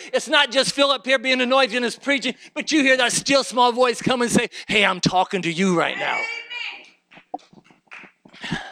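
A man preaching a sermon in a church, climbing to fervent shouting and then dropping to quiet, conversational storytelling. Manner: rises to shouted fervor, then drops low and conversational. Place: church sanctuary.

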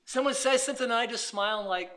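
Man, preacher, sermon, swings from whispers to shouts, high voice. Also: racing. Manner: swings from hushed asides to shouted emphasis.

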